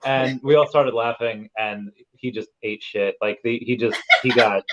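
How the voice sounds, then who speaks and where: A man in his thirties hosts a podcast, his voice on the low side with little pitch movement and an unhurried pace. He rambles through casual stories packed with fillers, and the lo-fi recording sounds muffled over a noisy background.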